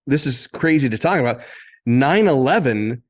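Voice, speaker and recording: Animated middle-aged man telling stories. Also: medium pitch, normal speed. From Indiana, USA. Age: 50s. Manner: animated, rambling anecdotes with frequent restarts. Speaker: guest, former TV sports and entertainment reporter. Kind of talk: casual interview storytelling.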